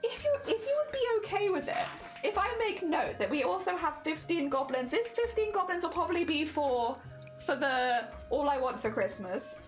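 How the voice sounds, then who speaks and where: A woman streamer in casual live-stream chat with a high-pitched voice, chatty and self-deprecating, often giggling. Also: lively intonation, normal speed, faint music behind.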